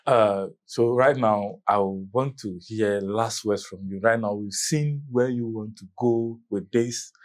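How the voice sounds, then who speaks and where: A Ghanaian man hosts a studio talk show in a lowish voice. He is courteous and encouraging, and he passes the floor to each guest in turn. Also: takes it slowly, hardly any pauses. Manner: polite, with frequent short affirmations and laughs. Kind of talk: studio interview.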